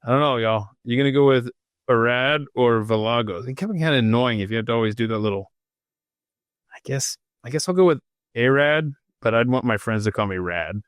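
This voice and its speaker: A man's voice: medium pitch, fairly quick, smooth, dry recording, studio quality. A man hosting a casual solo podcast, reading from notes and breaking off often to joke and riff. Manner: rambling and jokey, reading aloud and stopping to riff. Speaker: podcast host. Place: home studio.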